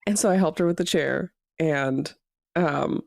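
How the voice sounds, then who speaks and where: Brief: woman in her thirties, podcast co-host, lively storyteller, slightly low voice, dry close mic. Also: unhurried, creaky, no echo. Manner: animated storyteller acting out quotes. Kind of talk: casual chat.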